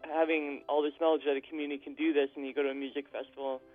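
A man's voice: fairly high pitch, flat delivery, racing. Chatty man on a tinny phone line. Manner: chatty, rambling, lots of fillers. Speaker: guest performer calling in. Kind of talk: casual radio interview over the phone. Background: faint music.

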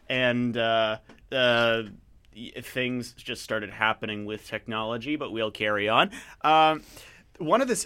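A man's voice: mid-range voice, sharp tone, clear, resonant tone. A man hosting a radio show in casual chat, rambling, joking and mocking himself while he reviews books. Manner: rambling, jokey, self-mocking. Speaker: radio host.

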